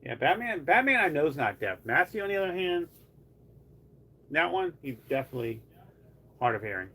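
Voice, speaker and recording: A man's voice: a little high, big pitch swings, fairly quick, creaky, sharp tone, husky. A man live streaming from home, chatting casually in a rambling way full of "like". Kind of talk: casual chat.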